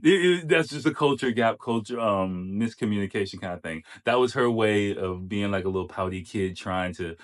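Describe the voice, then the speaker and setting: Man, low voice, casual reaction commentary, chatty, lots of fillers. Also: expressive, moderate pace, few pauses. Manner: chatty, explains with many fillers and restarts. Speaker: host reacting to a clip.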